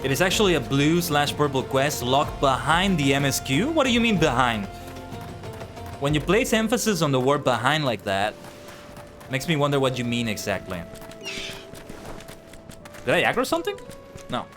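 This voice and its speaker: Young male streamer, casual chatty commentary, animated pitch, game music underneath. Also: moderate pace, pauses often. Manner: chatty, talks to chat. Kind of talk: livestream gameplay commentary.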